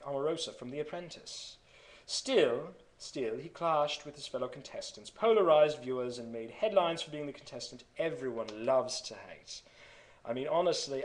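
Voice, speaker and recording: A man's voice: mid-range voice, close to an everyday voice, low-quality recording. A man putting on a British reading voice. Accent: put-on British. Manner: reading aloud, affected. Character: posh-ish British man reading an article aloud.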